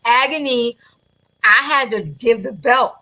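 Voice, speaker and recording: A woman who announces wrestling, chatting in an interview and telling animated stories with plenty of laughter. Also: a little high, unhurried, poor audio. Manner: animated, laughs often, acts out quotes. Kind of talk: casual interview storytelling.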